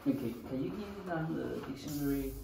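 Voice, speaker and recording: A man's voice: medium pitch, fast talker, gravelly. A man teaching a beginner language class, talking loosely with many "okay"s and having students repeat after him. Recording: echoey classroom, distant mic, faint hiss.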